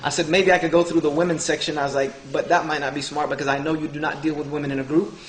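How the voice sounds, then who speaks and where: A man from the Southern United States tells a humorous personal story to an audience in a rapid-fire, fairly high voice with a level tone. Joking, he acts out other people's dialogue, and the echoey hall carries faint ambience.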